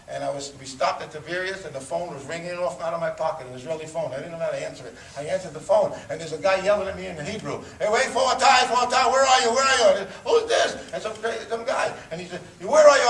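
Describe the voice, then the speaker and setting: A man in his fifties telling a personal story, animated and acting out the voices of people he quotes. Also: a little high, gravelly, a little hiss or hum. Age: 50s. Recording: roomy sound from far off, faint ambience.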